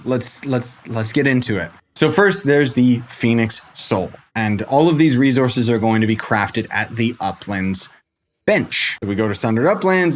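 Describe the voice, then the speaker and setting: A young man joking his way through a casual gameplay tutorial, rambling and poking fun at himself as he goes. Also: medium pitch. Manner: joking, self-mocking, rambling asides. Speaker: game guide creator. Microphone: desk microphone.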